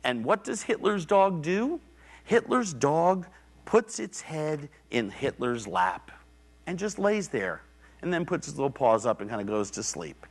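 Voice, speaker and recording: A man's voice: fairly high pitch, very animated, unhurried. A middle-aged man giving a public lecture in a university theater, telling stories conversationally and swearing casually. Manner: conversational storytelling, acts out quoted voices.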